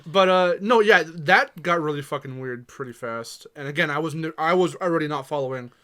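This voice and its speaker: Young man, podcast chat, slightly high voice, laid-back, laughs a lot, swears freely. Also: a little fast, sharp tone. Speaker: podcast co-host.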